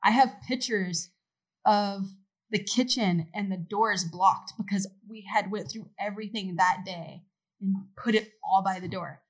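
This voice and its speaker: A middle-aged woman from Oregon, a podcast guest in casual chat, telling animated stories with frequent laughs and the odd swear word. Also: mid-range voice, measured pace, low-quality recording.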